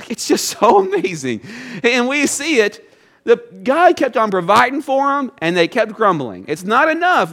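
Conversational preacher with a swinging voice. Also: male voice, fairly bright tone. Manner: conversational preaching, often rises in pitch and volume for emphasis; reads scripture, then voices grumbling people in a higher tone. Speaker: pastor. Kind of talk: sermon. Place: church.

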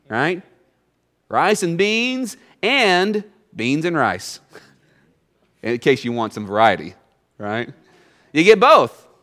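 A male pastor delivers a sermon to his congregation in a relaxed, conversational tone. He reads scripture, then talks it through with asides, and his voice climbs sharply higher and louder whenever he presses a point. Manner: conversational preaching, often rises in pitch and volume for emphasis. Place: church.

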